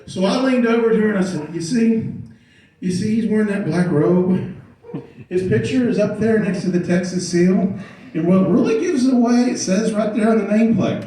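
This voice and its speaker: A middle-aged man doing stand-up, telling a story about his daughter and acting out loud quotes, often laughing as he talks. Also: sits high, moderate pace. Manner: animated, loud acted-out quotes, laughing through lines. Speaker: stand-up comedian. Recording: echoey room, far from the mic, loud noise.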